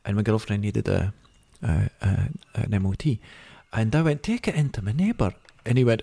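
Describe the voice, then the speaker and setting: A man's voice: fairly low pitch, normal speed, creaky, hardly any pauses, a little hiss or hum. A Scottish man co-hosting a podcast, telling anecdotes in casual chat and acting out the voices of the people in them. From Scotland. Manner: animated anecdote teller, acts out quoted voices. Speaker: podcast co-host.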